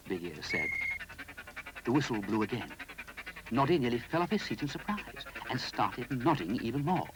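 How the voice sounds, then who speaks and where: A man narrating a children's storybook, gentle and expressive. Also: fairly low pitch, normal speed, over music, rough recording.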